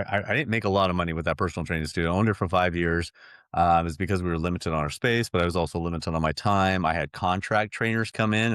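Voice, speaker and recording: A man's voice: deep voice, fairly bright tone, smooth, no echo, clean studio sound. A middle-aged man as a podcast guest, telling a personal story earnestly, with many restarts and fillers.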